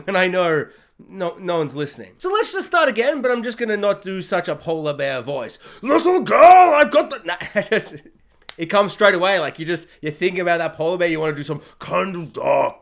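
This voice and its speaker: Self-mocking Australian male reviewer with a lively, bouncing delivery. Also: high-pitched. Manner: rambling, self-mocking, laughs often. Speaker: video reviewer. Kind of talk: casual video review.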